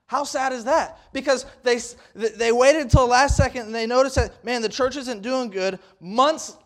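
A young man preaching a folksy sermon, rambling with restarts and rising to loud, emphatic peaks. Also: very high voice, moderate pace.

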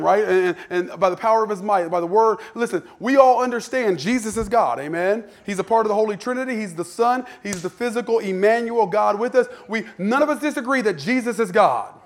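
A man's voice: high voice, expressive, brisk, hardly any pauses. A male preacher giving a sermon in a conversational style, with slang and frequent stammered restarts.

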